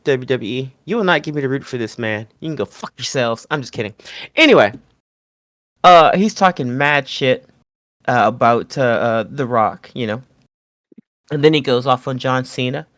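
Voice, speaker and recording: A man hosting a podcast, chatting casually in an animated way, swearing freely and often laughing. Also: medium pitch, normal speed, dry recording, clean studio sound. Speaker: podcast host. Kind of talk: casual wrestling review chat.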